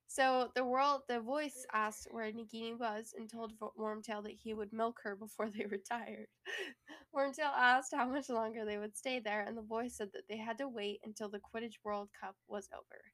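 A young woman co-hosting a casual book podcast, animated and quick to laugh. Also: a little high. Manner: giggly, animated. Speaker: podcast co-host.

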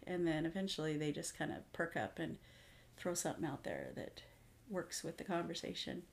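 A woman's voice: low-pitched, normal speed, gravelly. A woman in her forties chatting casually as a co-host, telling stories and acting out her children's voices. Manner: animated storyteller, acts out her kids' voices. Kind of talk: casual chat.

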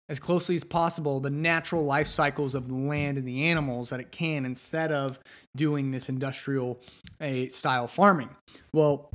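A man hosting a podcast alone, talking in a loose, rambling way with frequent restarts and asides. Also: fairly high pitch. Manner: rambling, conversational, many restarts and fillers. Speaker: podcast host. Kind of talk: solo podcast monologue.

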